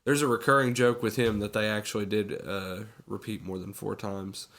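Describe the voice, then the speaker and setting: A man's voice: lowish voice, flat delivery, moderate pace, a bit bright. A man co-hosting a podcast, casually retelling movie scenes and acting out the quotes. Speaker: podcast co-host. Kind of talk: casual movie recap chat.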